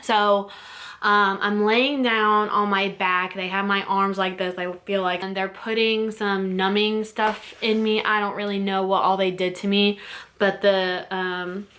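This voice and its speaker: A young woman vlogger tells a personal story in a casual, rambling way, full of fillers and restarts, teary and close to crying. Her mid-range, slightly bright voice is flat in delivery and a little slow.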